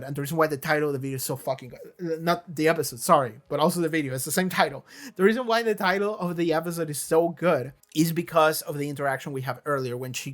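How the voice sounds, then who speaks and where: Emotional reviewer rambling over faint music. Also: mid-range voice. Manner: enthusiastic and emotional, with many restarts and swearing. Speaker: video reviewer. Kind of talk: casual monologue about a TV show.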